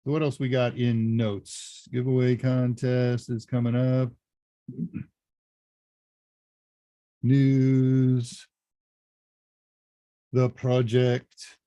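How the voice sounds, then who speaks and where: A man's voice: medium pitch, completely flat delivery, drawn-out words, long pauses, warm tone, dry recording. Chatty man hosting a live Q&A. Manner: chatty, jokey, thinks aloud. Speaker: live Q&A host. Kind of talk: casual live-stream chat.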